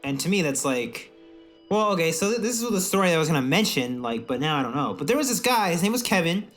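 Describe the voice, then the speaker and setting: A man co-hosting a podcast in casual chat, animated and profane, often laughing. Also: on the high side, quick pace, soft background music. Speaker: podcast co-host.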